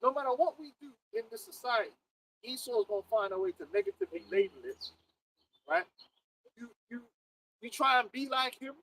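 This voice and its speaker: A man with a London accent, preaching and chatting in an animated group talk, often laughing and mimicking others. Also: extremely high pitch, brisk, gravelly, long pauses, a little hiss or hum, poor audio. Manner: animated, laughing, mocking voices. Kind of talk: casual group discussion.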